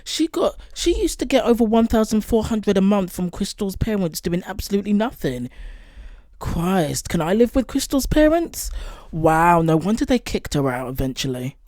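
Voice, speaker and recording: A woman's voice: medium pitch, big pitch swings, moderate pace, darkish tone, dry recording, faint music behind. A woman hosting a reaction channel, talking casually with lots of fillers and exasperated asides. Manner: exasperated, rambling with many fillers. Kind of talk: casual commentary.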